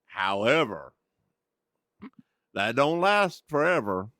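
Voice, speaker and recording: Male podcast co-host, teasing banter, lively pitch, bright tone, dry close mic. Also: slow pace, dry recording. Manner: teasing, playful, repeats phrases for comic effect. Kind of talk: casual chat.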